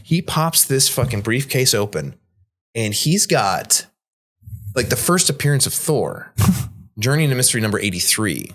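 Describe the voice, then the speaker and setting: Man, bartender, casual story, very lively pitch, animated, mimics others, swears casually. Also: moderate pace. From Midwest United States. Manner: animated, quotes people in raised voices, swears casually. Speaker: bartender guest.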